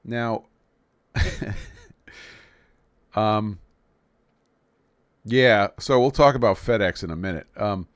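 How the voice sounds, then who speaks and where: A man's voice: lowish voice, slow pace, long pauses, clear, resonant tone, no room sound. Rambling, joking man hosting a livestream. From New York City. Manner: rambling and joking, with frequent restarts. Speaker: livestream host. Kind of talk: casual livestream chat.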